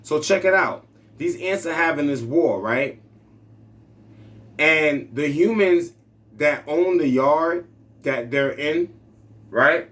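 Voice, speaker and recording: A man's voice: fairly high pitch, a bit bright. A man telling a story in a casual, laid-back monologue, often ending lines with "right?". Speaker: speaker.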